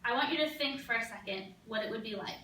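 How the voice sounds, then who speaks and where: A young woman gives a capstone presentation in a lecture room, her voice bright and slightly high. She explains earnestly, with frequent ums. The sound is echoey and distant from the mic. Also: fast, a little hiss or hum. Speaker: graduate student presenter.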